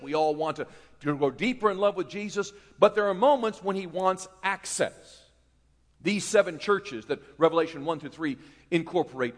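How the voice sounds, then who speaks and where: Folksy pastor from North Carolina, long reverb. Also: male voice, high-pitched. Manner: folksy, self-mocking storytelling rising to fervent preaching. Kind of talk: sermon. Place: church sanctuary.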